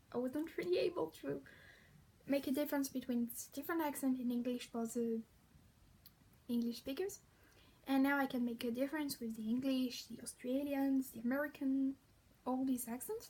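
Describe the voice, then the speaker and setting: A young French woman with a high, light voice vlogging in casual, slightly halting English with a French accent. She rambles and corrects herself as she goes, laughing at her own slips. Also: darkish tone, breathy edge. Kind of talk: casual chat to camera.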